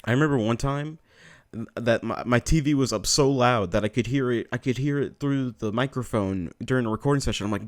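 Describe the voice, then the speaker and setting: A man giving casual let's play commentary, excitable and self-mocking, swearing and laughing often into a desk microphone. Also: mid-range voice, a little fast. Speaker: gameplay commentator.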